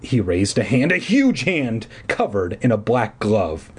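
A man's voice: fairly low pitch, sing-song, a little slow, slightly rough. A man reading a storybook aloud in a playful way and joking between passages. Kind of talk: joking read-aloud narration.

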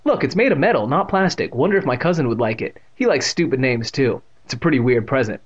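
A man's voice: medium pitch, animated, fast, breathy edge. A man voicing an eager, sarcastic young boy in a read-aloud story. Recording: muffled lo-fi recording.

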